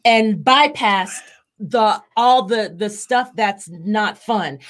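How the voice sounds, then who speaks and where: A woman co-leading a live Bible teaching, talking conversationally with pauses and restarts. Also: mid-range voice. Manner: conversational, asks questions, hesitant.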